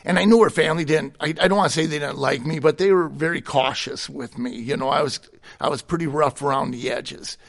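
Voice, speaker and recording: Brief: middle-aged man, candid guest telling his testimony, slightly high voice, plain and unpolished. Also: a little fast, creaky. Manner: plainspoken, candid, chuckles between anecdotes. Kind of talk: personal testimony in conversation.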